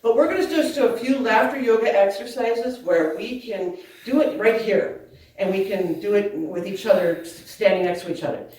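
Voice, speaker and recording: A woman leads a group through a laughter yoga talk, playful and quick to laugh. Her voice reaches the mic from a distance and rings around a very echoey community hall. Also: mid-range voice. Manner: lively and laughing, playful asides.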